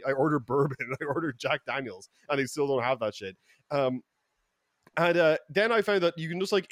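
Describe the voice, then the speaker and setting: A man's voice: fairly high pitch, dry recording. Profane rambling Irish guy, dry mic. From Ireland. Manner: profane, rambling, many fillers and restarts, loud bursts when excited. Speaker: podcast co-host. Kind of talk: casual storytelling chat.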